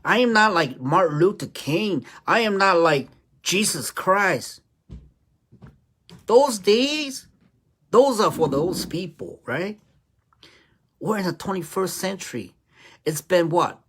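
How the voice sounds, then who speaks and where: Woman, slow and lively. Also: on the low side, breathy edge. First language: Hmong. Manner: rhetorical, keeps asking "right?". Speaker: commentator. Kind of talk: preachy opinion monologue.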